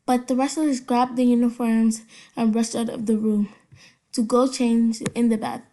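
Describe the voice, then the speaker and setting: A woman's voice: fairly high pitch, level tone, dark tone. A young woman casually reading funny stories aloud, stumbling over words and breaking off with giggly asides. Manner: halting read-aloud with slips and giggly asides.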